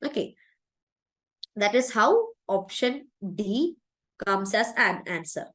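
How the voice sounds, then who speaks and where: A woman's voice: mid-range voice, very animated, slow, a bit bright. A woman teaching a live online exam-prep class, going over past questions, repeating each one patiently and checking in with "okay" and "uh".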